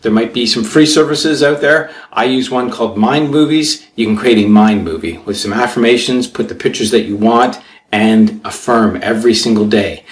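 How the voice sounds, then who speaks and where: Self-help coach, male, mid-pitched, earnest and emphatic, recorded in a reverberant room. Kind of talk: motivational talk.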